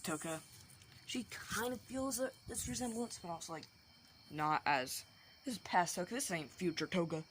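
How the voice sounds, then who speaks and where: A woman's voice: lowish voice, animated, normal speed, slight background noise. A woman improvising and narrating a fan anime story aloud, rambling with fillers and restarts.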